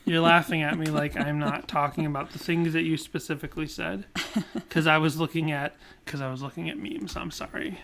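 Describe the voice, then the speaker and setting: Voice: medium pitch, fairly even intonation, fairly quick, fairly bright tone, slight background noise. A podcast co-host in casual chat, playful and jokey, often cutting in.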